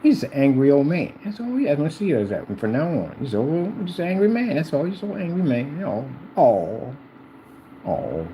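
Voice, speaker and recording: Animated rambling middle-aged man ranting. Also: on the high side, normal speed, a little hiss or hum, low-quality recording. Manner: rambling and repetitive, addressing a rival directly. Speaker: vlogger. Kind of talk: ranting monologue to camera.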